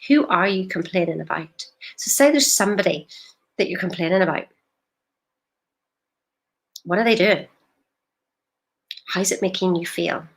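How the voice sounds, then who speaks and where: A woman's voice: lowish voice, unhurried, long pauses. Emphatic woman coaching live. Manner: direct, emphatic, rhetorical questions. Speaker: life coach. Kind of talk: live-stream coaching talk.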